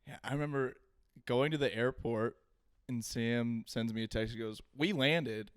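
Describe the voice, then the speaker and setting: A man's voice: mid-range voice, normal speed, smooth, no echo, clean studio sound. A young man co-hosting a podcast in casual chat, laughing often and telling short anecdotes. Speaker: podcast co-host.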